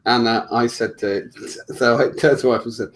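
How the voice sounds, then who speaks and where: A British man co-hosting a casual podcast, telling crude anecdotes in a lively, joking way. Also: medium pitch, brisk. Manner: lively storytelling, crude jokes. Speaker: podcast co-host.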